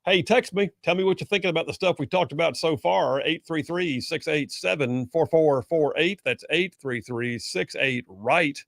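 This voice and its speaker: A man's voice: a little high, moderate pace, creaky, hardly any pauses, no room sound, clean studio sound. A man hosting a talk radio show, reading listener texts aloud in a plainspoken way.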